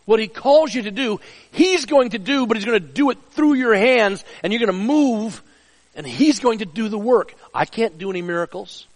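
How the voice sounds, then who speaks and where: Middle-aged man, pastor type, earnest sermon style, high pitch, hall reverb. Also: lively intonation, normal speed. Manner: earnest preaching, drops soft and low for personal stories.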